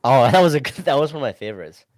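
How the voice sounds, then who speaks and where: A young man co-hosting a podcast, telling crude stories in a deadpan way during casual banter. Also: mid-range voice, rapid-fire, no room sound, studio quality. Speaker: podcast co-host.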